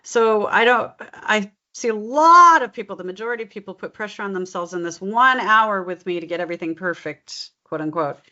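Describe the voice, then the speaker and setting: A woman's voice: mid-range voice, expressive, a little fast, few pauses, pushed and bright. Patient woman dialect coach. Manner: patient, explanatory, demonstrates phrases aloud. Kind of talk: coaching session. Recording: slightly dull lo-fi recording.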